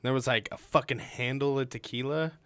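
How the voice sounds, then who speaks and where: A young man co-hosting a podcast, telling a story in a relaxed, profane way. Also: mid-range voice, fairly quick, dry recording. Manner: profane, laid-back, calls people dude. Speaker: podcast co-host. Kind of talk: casual comic storytelling.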